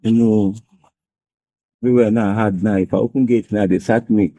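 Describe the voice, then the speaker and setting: A man's voice: fairly low pitch, steady tone, normal speed, dark tone, dry recording. An actor playing an anxious gateman who pleads in rambling Nigerian Pidgin, with a Nigerian accent. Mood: pleading. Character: anxious male gateman pleading to keep his job.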